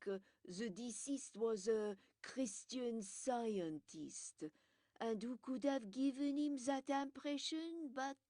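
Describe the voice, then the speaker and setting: A woman voicing a fussy, self-assured older male detective who explains things in a brisk, lecturing way. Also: on the high side, warm tone, dry recording, studio quality. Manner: brisk, lecturing, pleased with himself.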